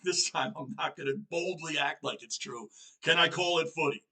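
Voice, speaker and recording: A man with a New York accent, chatting casually as he hosts a reaction video, excitable and full of self-questioning asides. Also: fairly high pitch, moderate pace, vocal fry, poor audio. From Northeastern United States.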